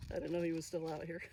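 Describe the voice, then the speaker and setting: Woman talking to camera while she gardens; easygoing, muses aloud, light street noise in the background. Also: deep voice. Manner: chatty, thinking aloud, soft-spoken asides. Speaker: gardening vlogger. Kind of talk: casual narration while working. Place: outdoor garden. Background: passing traffic.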